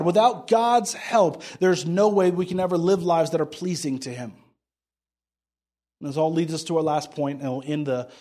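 Preaching in a high voice with a dark tone, this pastor keeps his sermon conversational, telling stories and voicing both speakers in each exchange.

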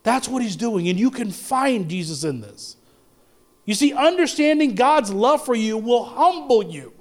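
A man. He swings between loud, pressing declarations and low, hushed lines, and he often stumbles and restarts mid-sentence. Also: sing-song, unhurried. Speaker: pastor. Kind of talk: sermon.

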